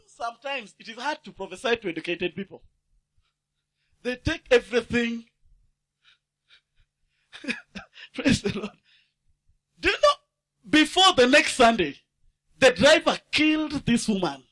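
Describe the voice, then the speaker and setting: Male preacher, high and ringing, very lively pitch, fiery call-and-response sermon. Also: unhurried, long pauses. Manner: fiery, swinging from loud shouts to low asides; asks the congregation to fill in words.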